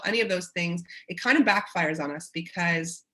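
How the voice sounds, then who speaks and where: A woman's voice: on the low side, normal speed, few pauses, fairly bright tone. A woman with a Canadian accent presents a parenting webinar in an encouraging way, acting out short quotes of parents and children.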